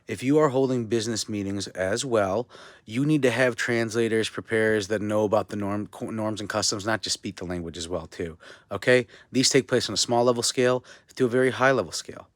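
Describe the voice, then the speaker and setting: A man's voice: on the low side, a little fast, dry recording. A man from India giving a casual video lesson as an instructor. He rambles, corrects himself, and keeps checking in with "okay?" and "you know?".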